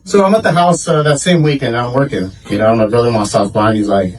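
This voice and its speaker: A man's voice: medium pitch, expressive, fast, few pauses. A man doing a stand-up comedy set on a club stage, telling stories in a laid-back, rambling way with lots of fillers. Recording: distant mic, loud audience laughter. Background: audience laughing.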